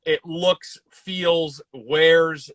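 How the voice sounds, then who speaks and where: Young male host from Kansas, slightly high and bright voice, dry close sound, eager and keen. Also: steady tone, extremely slow, dry recording. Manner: eager, enthusiastic. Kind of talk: casual interview chat.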